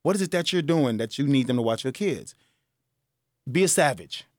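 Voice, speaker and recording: Lively folksy radio host, man. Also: medium pitch, normal speed, no echo, studio quality. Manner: lively, folksy, laughs at himself. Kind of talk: casual advice talk. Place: radio studio. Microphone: studio mic.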